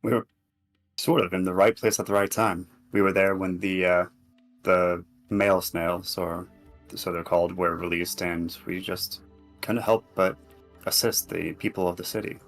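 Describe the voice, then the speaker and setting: A man voicing an earnest male adventurer in a tabletop game, speaking with measured, slightly stiff formality. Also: deep voice, steady tone, soft background music. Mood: dignified.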